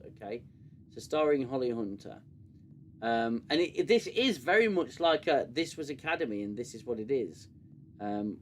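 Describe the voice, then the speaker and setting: A man's voice: mid-range voice, a little hiss or hum. A British man hosting a live review stream, ranting sarcastically and swearing freely. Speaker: show host.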